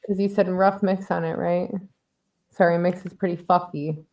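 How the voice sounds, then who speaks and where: A woman's voice: lowish voice, fairly even intonation, moderate pace, background noise. Female panelist, filler-heavy, laughs often, casual critique. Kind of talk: casual review chat.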